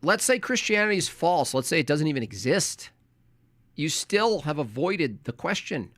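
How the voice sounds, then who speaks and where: An American man giving sarcastic, argumentative commentary on a debate clip, speaking in rapid bursts. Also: a little high, big pitch swings, fairly bright tone, dry recording, clean studio sound. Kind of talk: casual commentary.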